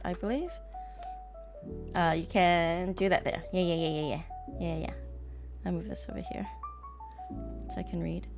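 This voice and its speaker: A woman with a New Zealand accent, chatting casually on a live stream, reading lesson text aloud and reacting to it. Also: on the low side. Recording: background music track.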